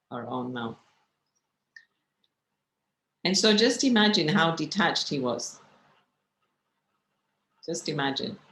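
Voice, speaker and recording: A woman's voice: a bass voice, gravelly, fairly bright tone, roomy sound, low-quality recording. A woman meditation teacher giving a spiritual class, telling stories and asking her listeners rhetorical questions.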